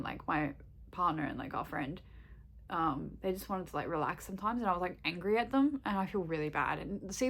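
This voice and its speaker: A woman's voice: mid-range voice, a bit bright. A young woman vlogging in casual chat, candid and rambling, swearing freely and laughing often.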